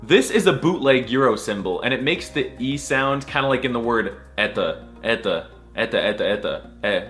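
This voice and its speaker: A man teaching letters for laughs, his pitch leaping and swooping as he goes. He delivers everything with exaggerated mock seriousness and breaks into sudden squeals, with faint music running underneath. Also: lively intonation, moderate pace, a bit bright. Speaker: comedy language tutor. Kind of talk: comedic alphabet lesson.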